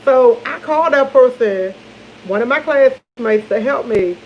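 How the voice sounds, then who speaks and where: She speaks at a measured pace in an expressive, fairly high voice, rambling to viewers over coffee, calling them y'all, laughing, and often losing her thread. The sound is lo-fi, with a little hiss or hum.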